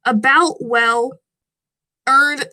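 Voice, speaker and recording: Young woman with a high voice, rambling vlogger who swears freely and stays half skeptical. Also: fairly even intonation, very slow, sharp tone. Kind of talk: casual chat.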